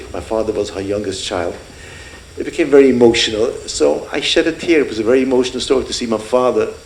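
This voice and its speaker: A man in his sixties telling a heartfelt story at a fundraiser, earnest and warm, often acting out the people in his story. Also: mid-range voice. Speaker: speaker at a fundraiser. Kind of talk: emotional storytelling speech. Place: event hall. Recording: echoey hall with faint room noise.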